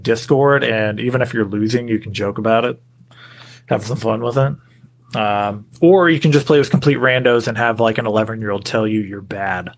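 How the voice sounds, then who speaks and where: A man co-hosting a casual podcast, easygoing, laughing often, with many fillers. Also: mid-range voice. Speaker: podcast co-host. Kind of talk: casual chat.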